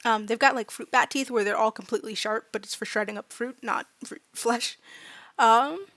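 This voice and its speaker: A woman's voice: on the high side, fairly even intonation, normal speed, fairly bright tone, no echo. A woman player casually describing her character, rambling with many filler words.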